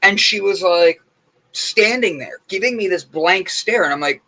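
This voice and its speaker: A young man co-hosting a relaxed morning show, with a fairly high, bright voice. He tells stories at length in a loose, chatty way, packed with fillers. His tone stays lively and conversational. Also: moderate pace, rough recording. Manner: chatty storytelling, lots of fillers. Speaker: co-host. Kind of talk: casual morning show chat.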